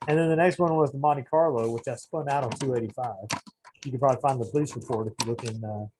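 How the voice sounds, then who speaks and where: A man's voice: medium pitch, quick pace, a little mellow, slight background noise, rough recording. A man co-hosting a podcast, talking in a rambling, hesitant way, often searching for words. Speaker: podcast co-host. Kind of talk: casual chat.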